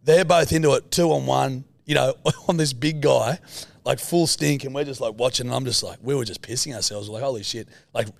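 A man's voice: mid-range voice, brisk, creaky, no room sound. A man with an Australian accent, a podcast co-host telling a story in casual, sweary chat.

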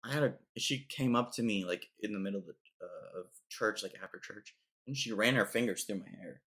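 A man's voice: fairly low pitch, brisk, fairly bright tone. A young man hosting a casual podcast chat, telling joking stories and saying dude and bro a lot. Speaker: podcast host.

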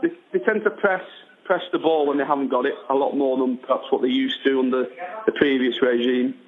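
A man's voice: mid-range voice, fairly even intonation, fairly quick. A man chatting as a guest fan on the phone, hesitant and full of restarts. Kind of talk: casual chat. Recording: tinny phone line.

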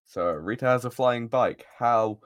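Male podcast co-host, mid-pitched, laughs a lot, loose rambling recap delivery. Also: unhurried. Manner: giggly, rambling, swears freely. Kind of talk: casual chat.

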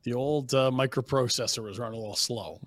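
A Canadian man co-hosting a sports podcast, an animated storyteller who mimics other people with big jumps in pitch. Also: fast, no echo, clean studio sound. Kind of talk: casual chat. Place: small podcast studio. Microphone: studio mic.

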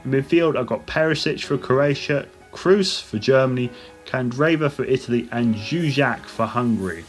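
A man's voice: medium pitch, moderate pace, faint music behind. Casual man hosting a football podcast. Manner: casual, listing teams in a steady rundown. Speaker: podcast host. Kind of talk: solo football podcast predictions.

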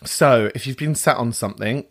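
A man's voice: mid-range voice, moderate pace. A man hosting a podcast, talking in a sweary, self-mocking comic style with frequent laughs. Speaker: podcast host. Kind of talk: comic monologue and show intro.

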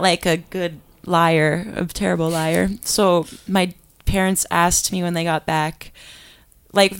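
A woman's voice: fairly low pitch, clean tone, dry recording. Young woman, podcast co-host, casual storytelling, laughs often, dry close sound. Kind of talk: casual chat.

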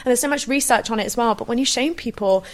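A woman in casual conversation, animated and acting out quoted lines. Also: a little high, fast talker.

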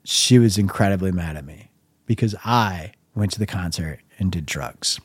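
A middle-aged man casually telling a long story on his own podcast, wry and laid-back, dropping to a low mumble when he quotes himself. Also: normal speed, husky, no echo. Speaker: podcast host.

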